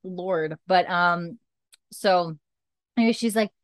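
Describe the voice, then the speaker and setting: A woman's voice: fairly low pitch, takes it slowly, no echo. A woman hosting a podcast, recapping a TV episode in rambling casual chat full of fillers, eating dinner as she talks. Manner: rambling, filler-heavy storytelling. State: eating dinner while talking. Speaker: podcast host.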